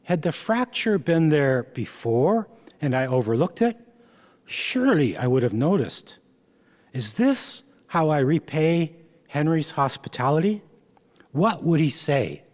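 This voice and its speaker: Slow-reading man in a reverberant hall. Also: a little high, sing-song, a little mellow. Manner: slow, measured reading with small stumbles. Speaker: author. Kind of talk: reading aloud from his memoir. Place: event hall.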